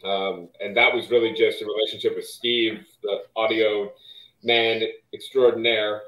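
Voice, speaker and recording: A male voice actor guest answering in a relaxed, thoughtful way on a video call. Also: fairly low pitch, measured pace. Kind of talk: casual interview answer. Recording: roomy echo.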